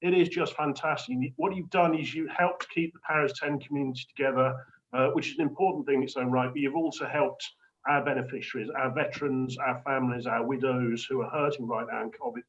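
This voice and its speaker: A man's voice: medium pitch, fairly even intonation, brisk. Charity guy on a video call, gushing thanks, stammers a bit, dull lo-fi sound. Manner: effusive, grateful, stammers into phrases. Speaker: charity representative guest. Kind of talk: casual video-call chat.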